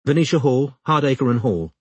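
A man's voice: medium pitch, lively intonation, moderate pace, breathy edge, no room sound, voice pushed up. A man voicing a young woman detective who speaks cautiously and politely while posing as a lawyer.

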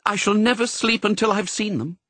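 A man's voice: high-pitched, brisk, fairly bright tone, no room sound, pitched above the performer's own voice. A man doing an anxious mother dalmatian. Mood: eager. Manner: pleading, eager.

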